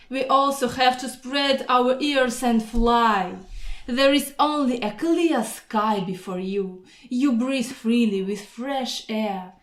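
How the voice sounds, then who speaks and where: A woman voicing a boastful, proud male mosquito who pitches himself like a salesman, grandiose and persuasive. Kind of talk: storybook voice acting. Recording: roomy echo.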